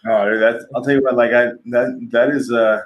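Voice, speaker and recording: A man's voice: medium pitch, little pitch movement, moderate pace, lo-fi sound. A middle-aged man, a podcast guest, telling candid and profane personal stories in a casual conversation, laughing often. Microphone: livestream podcast mic.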